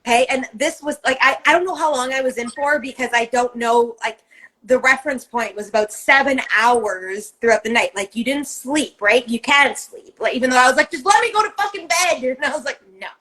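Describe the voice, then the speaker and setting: Podcast lady, kinda high voice, blunt, swears a lot, acts out her own inner voices. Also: brisk, bright, forceful tone, rough recording. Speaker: podcast co-host. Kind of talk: casual chat.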